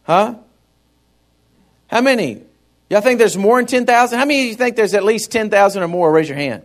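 With a high, brisk voice and lively intonation, a pastor preaches to his congregation, calling out to them directly. The people in his stories get acted out in voices.

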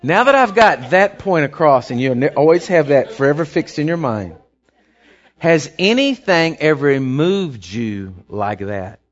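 A man's voice: on the high side, big pitch swings, measured pace. A man preaching a sermon, telling a story in a folksy, rambling way. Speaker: pastor. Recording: dull lo-fi recording.

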